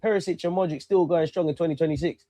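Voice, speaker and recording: A young man talks through a match as it happens, urging players on and cursing the referee. His voice sits a little high. The sound is dry and close, with no room around it. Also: fast, no echo. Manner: excitable, talks to players and ref, swears. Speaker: football fan streamer. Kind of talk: live match watch-along commentary.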